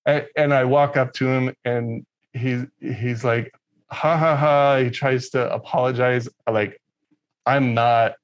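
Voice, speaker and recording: A man's voice: medium pitch, little pitch movement, takes it slowly, dull audio. A man from Texas telling a story in casual conversation, rambling and profane, with lots of fillers.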